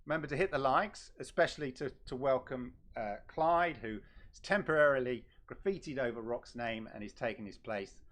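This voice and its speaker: A man hosting a casual live stream, talking in a teasing, halting way with frequent fillers and repeats. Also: mid-range voice, fairly bright tone. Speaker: host.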